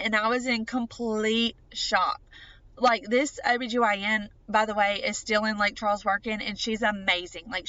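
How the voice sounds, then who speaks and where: A woman's voice: on the high side, a bit bright, no room sound, highs cut off. A woman, hosting a podcast and telling a personal story in a chatty way, full of "like". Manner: chatty, peppered with "like". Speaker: podcast host.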